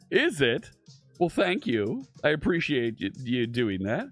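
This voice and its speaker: A man's voice: on the high side, a bit bright. A man hosting a live coding stream, chatting casually and thinking aloud with frequent fillers and restarts.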